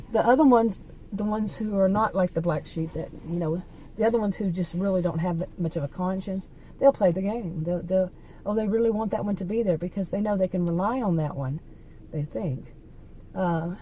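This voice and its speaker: A woman's voice: mid-range voice, mellow, slight background noise, poor audio. A woman hosting her own channel, telling a story in a casual, rambling monologue with many fillers and restarts, talking straight to her viewers. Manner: chatty, talks straight to viewers. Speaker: channel host telling stories.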